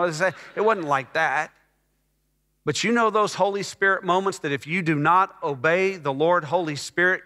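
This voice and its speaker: A middle-aged pastor from Texas preaching a sermon as a personal testimony, emotional and rising to fervent peaks. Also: male voice, a little high, bright, forceful tone. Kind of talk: sermon storytelling. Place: church sanctuary. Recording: church hall reverb.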